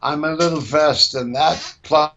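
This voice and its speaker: A man's voice: on the high side, measured pace, lo-fi sound, heavy background noise. A man hosting a mock-serious comedy news show, rambling and stammering as he improvises.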